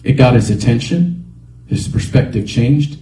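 A man pastor preaching a sermon in a church, animated, often calling out praise. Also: mid-range voice, unhurried, reverberant, recorded from a distance, poor audio. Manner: animated, repeats exhortations.

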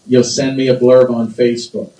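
A man's voice: medium pitch, little pitch movement, moderate pace, warm tone. A man preaching a sermon as pastor, emphatic, repeating phrases and drawing responses from the congregation. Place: church sanctuary. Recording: roomy church echo, distant mic.

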